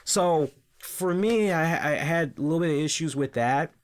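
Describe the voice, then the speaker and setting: A man's voice: on the high side, moderate pace. A man hosting a wrestling review show, talking casually and with animation, often repeating words and asking "right?".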